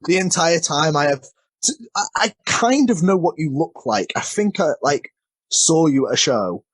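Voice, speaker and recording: Animated and a little high-pitched, with a breathy edge, this male wrestler speaks at normal speed and without room sound. Being interviewed casually, he rambles through self-deprecating stories, frequently tangling his words.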